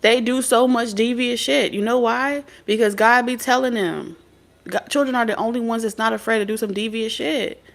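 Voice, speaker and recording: Speaking at a moderate pace in a slightly high, creaky voice, a spirit medium and tarot reader gives a casual, preachy monologue. An adult mother of several kids, she tells her stories bluntly, with profanity and a streetwise edge.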